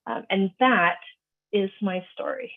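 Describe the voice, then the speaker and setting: A woman storyteller telling a personal anecdote to an audience, lively and acting out the voices of her family. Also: mid-range voice, slow, gravelly. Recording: tinny phone-like video call audio.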